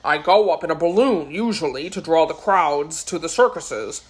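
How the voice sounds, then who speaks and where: A woman's voice: low voice, animated, moderate pace, husky. A woman voicing a cheerful, boastful little old wizard who works at a circus, talking in a jaunty, breezy way.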